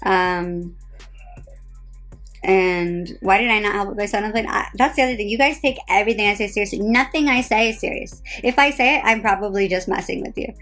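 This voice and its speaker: A woman in her 30s from New Jersey chats on a phone live stream as a reality TV personality, with faint music behind her. Her medium-pitched voice is brisk and fairly bright, and she sounds tired and sarcastic as she rambles, packing in lots of "like."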